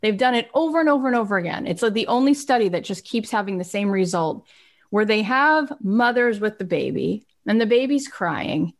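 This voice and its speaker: A woman giving an earnest, emphatic self-help talk, swinging between soft and animated. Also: mid-range voice, fairly quick. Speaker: inspirational speaker.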